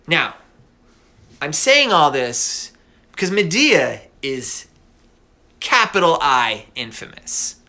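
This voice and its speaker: A male podcast host retelling a myth in a casual, slangy way, animated and quick to laugh. His voice is bright and forceful, pitched a little high.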